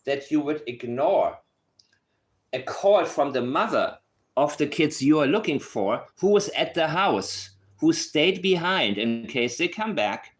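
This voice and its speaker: A man's voice: fairly high pitch, animated, a little slow, soft background music. A man with a non-native accent, a true-crime commentator talking through a case in casual analysis to camera. He is sarcastic and emphatic, and repeats his points to drive them home.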